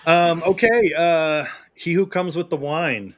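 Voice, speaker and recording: A man's voice: on the high side, slow pace, highs cut off. A man hosting a casual podcast chat, playful and teasing, laughing often. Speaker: podcast host.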